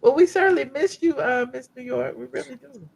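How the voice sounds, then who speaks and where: A woman's voice: high-pitched, brisk, vocal fry, crowd noise. A woman host of a live call-in stream, chatty and teasing with her callers. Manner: chatty, teasing, African American vernacular.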